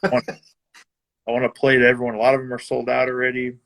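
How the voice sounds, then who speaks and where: A man's voice: medium pitch, completely flat delivery, brisk, vocal fry, a bit bright. A man, a guitarist guest, talking casually on a video call, laid-back, laughing often and swearing now and then. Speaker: guest musician. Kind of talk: casual chat over live video.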